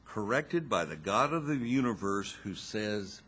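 A man preaching a sermon, slow and expressive, with dramatic pauses and wry asides to his listeners. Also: lowish voice, a little hiss or hum.

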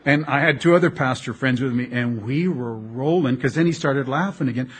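A middle-aged man preaching a sermon as a pastor, telling animated, jokey stories with frequent restarts. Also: mid-range voice, fairly quick, slightly rough.

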